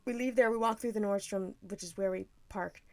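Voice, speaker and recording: A woman's voice: medium pitch, steady tone, fairly quick, darkish tone, no echo. A woman from Tampa, Florida, co-hosting a podcast, telling a story in a casual chat, acting out other people's voices and laughing often. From Tampa, Florida, USA. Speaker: podcast co-host.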